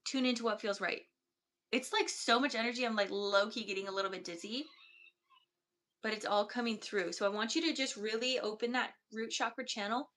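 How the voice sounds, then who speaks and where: A woman energy healer giving a slow, soft-spoken, meditative channeled reading. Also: on the high side.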